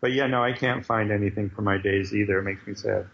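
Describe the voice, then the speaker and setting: A man being interviewed, telling animated, jokey anecdotes in casual conversation. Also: fairly low pitch, fast, creaky, dull audio. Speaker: guest, comic book writer.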